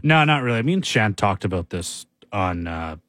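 A man's voice: on the low side, very animated, normal speed, a bit bright, no room sound, studio quality. A man co-hosting a casual sports chat, rambling and upbeat. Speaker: co-host.

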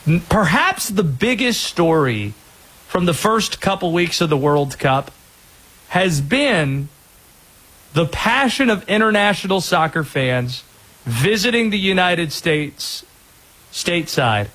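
A man hosting sports talk radio, energetic and opinionated, with quick asides. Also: sits high, slightly rough, low-quality recording.

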